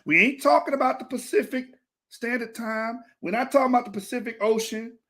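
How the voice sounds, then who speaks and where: A man's voice: extremely high pitch, fairly quick, a bit bright. A man hosting a reaction video, talking casually in an exasperated, ranting way and breaking into laughter.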